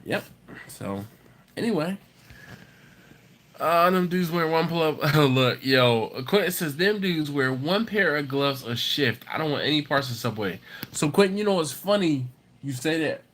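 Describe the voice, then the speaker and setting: On his barbecue live stream, a Baltimore-area resident who isn't a native there chats casually, reads out viewer comments and jokes with people by name. He's animated and jokey, with a slightly high, slightly slow voice.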